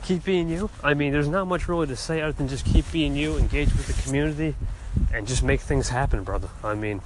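A man's voice: fairly high pitch, a little fast. Laid-back male host, noisy line. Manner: laid-back, rambling, encouraging. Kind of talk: casual call-in reply. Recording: noisy background.

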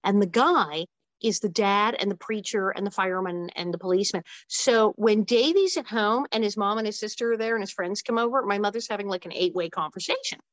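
Woman in her 60s, interview guest, animated storytelling, mid pitch, dry sound. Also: no room sound. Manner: animated, quick asides and acted-out quotes. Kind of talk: casual storytelling.

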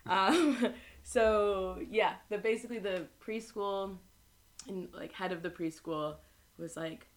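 A young woman with a mid-range voice speaks slowly while chatting casually with friends. She tells a long story, laughing often and acting out quotes with voices.

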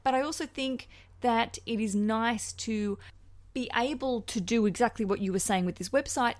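A woman with a New Zealand accent hosting a podcast, chatty, gushing and frankly cheeky as she gives advice. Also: medium pitch. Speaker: podcast host. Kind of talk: casual podcast chat.

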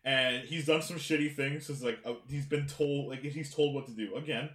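A man hosting a casual film discussion podcast, animated, swearing, with many fillers and restarts. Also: medium pitch, moderate pace. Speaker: podcast host. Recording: roomy echo.

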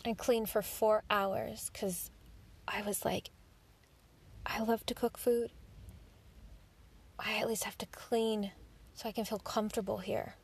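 A woman's voice: medium pitch, fairly even intonation, takes it slowly, vocal fry, pauses often, breathy edge. A woman hosting a podcast, telling a personal story in a candid monologue, swearing freely and acting out her own inner thoughts. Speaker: podcast host.

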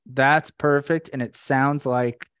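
A man co-hosting a podcast, asking halting questions and cracking jokes in casual chat. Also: mid-range voice, fairly even intonation, fairly bright tone, clear, resonant tone, dry recording, clean studio sound. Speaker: podcast host.

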